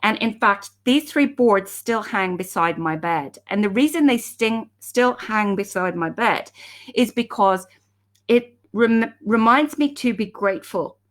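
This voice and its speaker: A woman's voice: mid-range voice, expressive, unhurried. A woman, chatting casually and upbeat on a live stream from home, greeting viewers by name as she talks. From Ireland. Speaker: self-help speaker hosting a live stream. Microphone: webcam or phone live stream.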